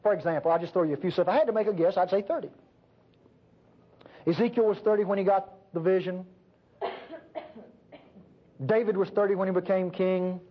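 A man preaching a sermon fervently, swinging between loud emphasis and hushed low passages. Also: fairly even intonation, fairly quick, pauses often. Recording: dull lo-fi recording.

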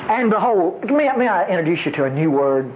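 A Bible teacher with a drawl preaches a teaching sermon in a fairly high, sing-song voice that leaps up and down as he stresses words, going a little fast. Folksy and emphatic, he drops playful asides between scripture readings, with background noise in the recording.

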